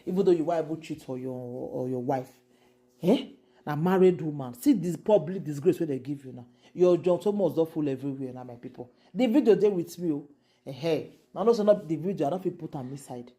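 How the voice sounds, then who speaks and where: A woman with a Nigerian Pidgin accent talks through the latest gossip in a casual, exclaiming way, repeating herself in disbelief. Her voice sits a little low and sounds mellow and dark. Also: lively intonation, a little fast. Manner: exclaiming, repetitive, incredulous. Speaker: gossip show host.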